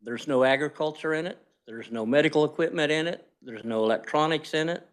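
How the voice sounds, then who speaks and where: A man presenting a bill at a legislative hearing, speaking slowly and plainly in a committee room. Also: a little high. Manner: slow, plain-spoken. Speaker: bill sponsor. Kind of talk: testifying at a hearing.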